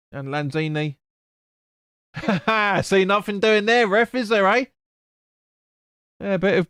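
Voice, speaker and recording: A man's voice: fairly high pitch, a bit bright, clear, resonant tone, no echo, studio quality. A man hosting a live football watch-along, chatting casually, swearing and stumbling over player names. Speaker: fan stream host.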